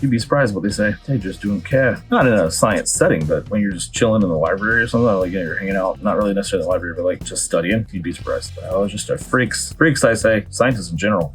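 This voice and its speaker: Laid-back rambling man with a drawl. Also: lowish voice. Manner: rambling, joking, self-interrupting, laid-back. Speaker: artist making a drawing video. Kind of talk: casual chat while drawing. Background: faint guitar background music.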